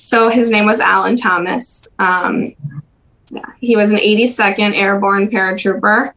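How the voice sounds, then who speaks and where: A young woman speaking as a podcast interview guest, recalling personal memories in a halting, soft-spoken way with frequent pauses and restarts. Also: mid-range voice, fairly even intonation, poor audio. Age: young adult.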